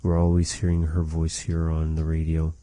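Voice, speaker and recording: A man teaching a language lesson, measured and repeating phrases to model how they are said. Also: very deep voice, monotone, dark tone, dry recording.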